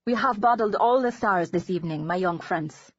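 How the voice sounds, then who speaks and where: A woman's voice: fairly high pitch, sing-song, fast, gravelly, breathy edge, voice pushed up, heavily acted. A woman voicing a tall, charming young male waiter in an audiobook, speaking in a playful, flourishing way. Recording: dull lo-fi recording.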